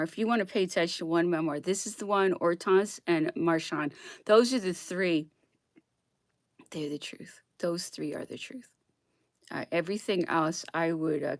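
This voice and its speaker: A woman giving impassioned ranting commentary on history memoirs. She swings between loud outbursts and hushed whispers and keeps tagging on a pointed "okay?". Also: medium pitch, no echo, studio quality. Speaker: history vlogger reading memoirs.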